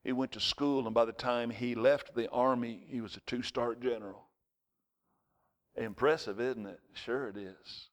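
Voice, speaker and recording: Male pastor preaching; lively storyteller who acts out shouting voices. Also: medium pitch, moderate pace. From United States. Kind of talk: sermon.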